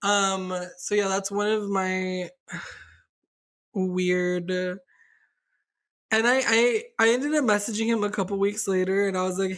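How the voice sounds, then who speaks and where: A woman's voice: medium pitch, fairly even intonation, takes it slowly, long pauses. A young adult woman co-hosting a podcast, telling a candid story in casual chat, rambling and swearing with lots of fillers. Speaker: podcast co-host.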